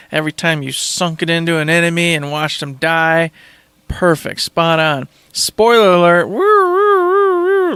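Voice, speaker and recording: A man hosting a podcast, talking in casual chat with enthusiastic, rambling excitement. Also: on the high side, clear, resonant tone, dry recording. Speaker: podcast host.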